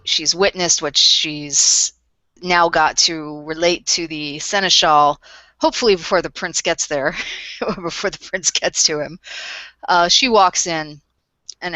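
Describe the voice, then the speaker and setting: A woman's voice: low voice, sharp tone, no echo, poor audio. A woman playing a tabletop role-playing game, narrating her character's actions in a hesitant manner, full of ums and restarts.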